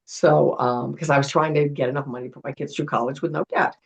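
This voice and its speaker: A middle-aged woman, a retired television producer, telling animated stories as a guest in a casual interview. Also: extremely low pitch, quick pace, creaky, breathy edge, poor audio. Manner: animated storyteller acting out quotes.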